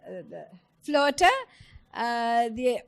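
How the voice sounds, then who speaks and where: A woman's voice: fairly high pitch, lively intonation, slow pace, creaky, clear, resonant tone. A woman giving a clinical teaching lecture, explaining step by step and putting questions to her audience.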